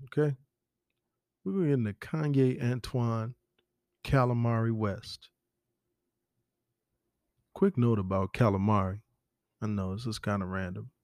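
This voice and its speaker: A man's voice: fairly low pitch, fairly even intonation, a little slow, long pauses, a little mellow, dry recording, clean studio sound. A man hosting a podcast, talking in a rambling, profane, conversational way. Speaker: podcast host. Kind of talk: casual solo commentary.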